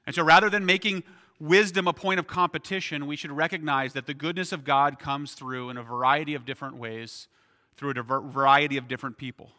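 A man's voice: fairly high pitch, fairly even intonation, brisk, pushed and bright, long reverb tail. A man preaching a sermon as pastor, in a conversational way, often asking "right?".

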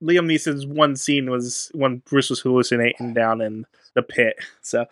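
Bright-voiced man recapping a film. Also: mid-range voice, steady tone, moderate pace, dry recording, studio quality. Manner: recaps plot, dismissive and joking. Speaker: podcast co-host. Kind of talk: casual movie-review chat.

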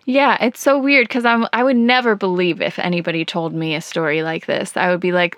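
A woman's voice: lowish voice, moderate pace, hardly any pauses, fairly bright tone, no echo. A woman guest on a podcast in casual chat, wry and teasing with dry humor.

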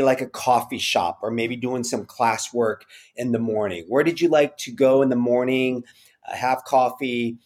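A man hosting a podcast, asking his guest long, conversational questions in several parts. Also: medium pitch. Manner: conversational, asks long multi-part questions. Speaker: podcast host. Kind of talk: interviewing a guest.

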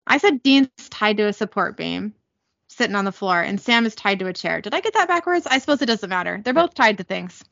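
A woman with a bright, lively voice talks through a TV episode in a casual recap. She reads the characters' lines aloud in quick voices and stops to correct herself. The sound is dry and a little dull, like a lo-fi home recording. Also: mid-range voice, creaky, dry recording. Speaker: podcast host recapping an episode. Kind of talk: casual recap reading out dialogue.

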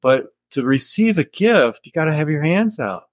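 Soft-spoken older American man, dry close sound. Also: on the high side, sing-song, no room sound. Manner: measured, thoughtful storytelling with soft chuckles. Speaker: author being interviewed. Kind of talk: reflective interview answers.

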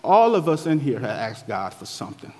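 A man's voice: very animated, fairly quick, mellow. A man preaching a sermon as pastor, swelling and dropping his voice as he reads scripture and explains it. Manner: rises and falls in pitch and force, preaching cadence. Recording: long hall reverb.

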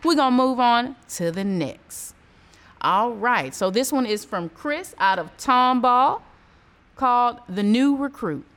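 A woman hosting a show, reading listener jokes and reacting loudly to the punchlines. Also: a little high, lively intonation, slow. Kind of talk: casual joke reading.

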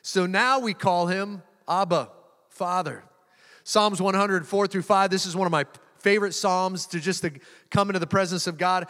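A man's voice: sits high, steady tone, normal speed, bright, forceful tone. A man preaching a sermon as a pastor, moving into spoken prayer and repeating words as he builds emphasis. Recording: long hall reverb.

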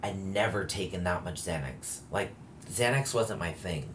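A man's voice: low voice, normal speed, slight background noise. A man in a candid, casual conversation, telling a long personal story with frequent fillers and self-corrections. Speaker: guest telling his story.

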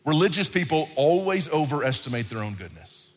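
Pastor preaching in a big hall. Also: male voice, high-pitched, brisk. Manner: animated, conversational preaching with repetitions. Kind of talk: sermon. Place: large hall, church service. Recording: reverberant hall with faint music.

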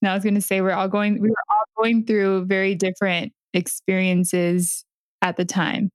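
A woman reflecting calmly on a hard family time in a casual conversation, speaking evenly and thoughtfully. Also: medium pitch, moderate pace, no echo.

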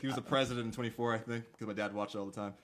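A man's voice: medium pitch, steady tone, racing, a bit bright, a little hiss or hum. A man in his twenties as a podcast guest, agreeable and chiming in with short replies. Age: 20s. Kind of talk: casual podcast chat.

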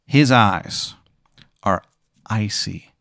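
A man hosting a comedy podcast, telling a profane hypothetical in a deadpan way, often dropping to a low murmur. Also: drawn-out words, gravelly, dry recording, studio quality. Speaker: podcast host posing a hypothetical. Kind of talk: casual comedic storytelling.

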